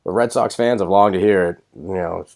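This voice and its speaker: A man co-hosting a casual sports podcast, ranting with swearing and loud mock outbursts. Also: low-pitched, brisk, creaky. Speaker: podcast co-host.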